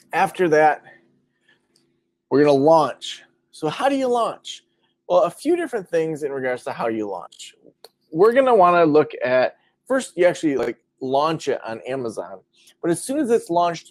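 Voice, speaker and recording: Guy running a webinar, kinda high voice, loose and chatty, dry close mic. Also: darkish tone, no echo. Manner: casual, chatty, many fillers, reads out viewer questions. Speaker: webinar host. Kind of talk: live webinar teaching. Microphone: computer mic over a web stream.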